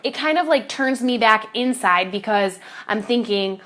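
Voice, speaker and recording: A woman's voice: a little high, animated, unhurried, hardly any pauses, a bit bright. A woman fitness coach talking to camera in a casual confessional vlog, rambling with fillers and restarts and swearing casually.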